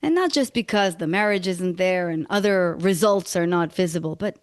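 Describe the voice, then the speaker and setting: A woman's voice: lowish voice, normal speed, dry recording, studio quality. A woman hosting a coaching podcast, reflecting at length and affirming her guest. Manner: warm affirmations, reflective, quotes philosophers. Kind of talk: interview conversation.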